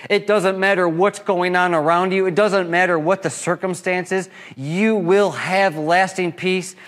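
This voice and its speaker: A man preaching a sermon as pastor, rising to loud impassioned peaks and dropping to soft, slow lines. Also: high-pitched. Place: church.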